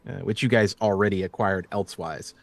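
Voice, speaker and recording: A man's voice: fairly low pitch, fairly even intonation, dry recording. A man running a tabletop role-playing game, narrating scenes with frequent ums and restarts. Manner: halting, full of ums and restarts. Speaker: game master.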